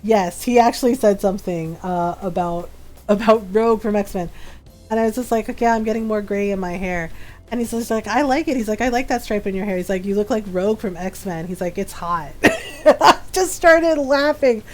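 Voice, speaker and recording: A woman's voice: mid-range voice, brisk, darkish tone, soft background music. A woman in her forties chatting casually as a streamer while she plays, laughing often and filling her talk with "like" and "um". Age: 40s. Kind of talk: casual chat while gaming.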